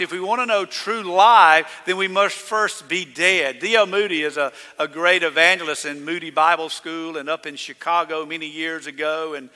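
A male pastor preaching a sermon in a folksy storytelling way, swinging between loud calls and hushed asides. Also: a little high, long reverb tail.

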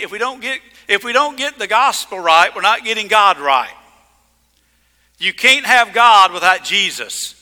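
A male pastor preaching a sermon with emphasis, swinging from loud declarations to hushed lines. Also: sits high, big-room sound.

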